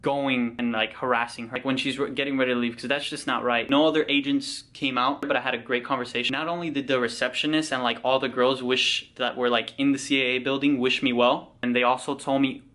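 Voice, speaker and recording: Young adult man, vlogger, casual storytelling, excited, chatty, swears freely, mid pitch. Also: brisk, hardly any pauses. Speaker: vlogger and actor.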